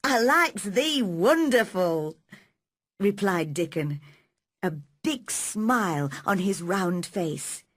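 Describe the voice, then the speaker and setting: Slow, breathy woman reading a storybook. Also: medium pitch, no room sound, clean studio sound. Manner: slow and clear for learners. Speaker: narrator. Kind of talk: storybook narration for learners.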